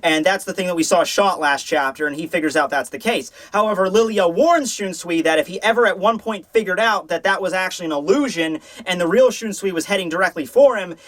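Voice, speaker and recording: A man's voice: high voice, a little fast, hardly any pauses, fairly bright tone. A man hosting a casual manga review, talking loosely with many fillers and restarts. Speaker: manga reviewer, channel host. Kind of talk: casual chapter review commentary.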